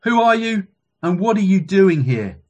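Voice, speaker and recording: A man's voice: sits high, sing-song, normal speed, darkish tone, voice pushed up. Man doing a barking Roman wall guard. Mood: commanding.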